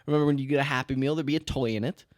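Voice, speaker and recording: A man's voice: medium pitch, fairly even intonation, racing, no echo. A young adult man co-hosting a podcast in casual chat, joking and swearing as he rants. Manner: profane, ranting, jokey. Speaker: podcast co-host.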